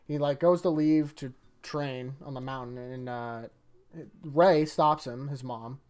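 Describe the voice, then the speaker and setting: A YouTuber giving a casual, rambling review of a manga chapter, chatty and quick to laugh. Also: medium pitch, a little mellow, smooth.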